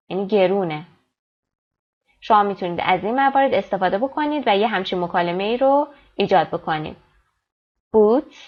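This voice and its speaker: Teacher: woman, reads example lines slowly then explains fast, muffled lo-fi sound. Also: medium pitch. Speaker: English teacher. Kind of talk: textbook lesson explained in Persian. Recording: dull lo-fi recording.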